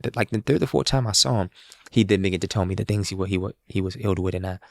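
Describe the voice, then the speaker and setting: A man's voice: deep voice, racing, creaky, no room sound. A man, a street musician, telling a story in casual talk and acting out the dialogue of the people in it. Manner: animated, acts out quoted dialogue.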